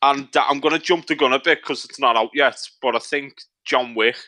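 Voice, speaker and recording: A young man with a Liverpool Scouse accent co-hosts a podcast full of crude, casual banter. His mid-range voice moves at a moderate pace as he gets loud, swears a lot, laughs and winds up his mates.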